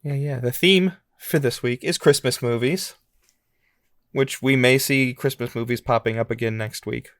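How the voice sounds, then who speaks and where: A man co-hosting a podcast game segment, relaxed and chatty, laughing easily. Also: medium pitch, moderate pace, dry recording, studio quality. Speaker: podcast co-host. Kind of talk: casual game-show chat.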